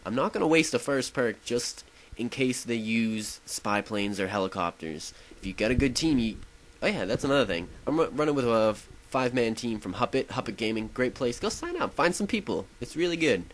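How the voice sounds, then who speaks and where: A man's voice: medium pitch, sing-song, brisk, a little hiss or hum, rough recording. Rambling young man narrating gameplay. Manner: rambling, self-interrupting, enthusiastic. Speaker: gaming video host. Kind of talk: casual gameplay commentary.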